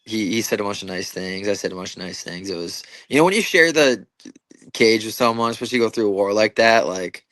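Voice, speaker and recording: A young man with a fairly low voice recounts his fight night in loose, rambling speech, full of "like" and "you know" and casual swearing. The sound is dry and close. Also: expressive, fairly quick, a bit bright, no room sound. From Minnesota, USA. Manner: casual, profane storytelling with many fillers and restarts. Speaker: MMA fighter, interview guest. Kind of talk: casual interview chat.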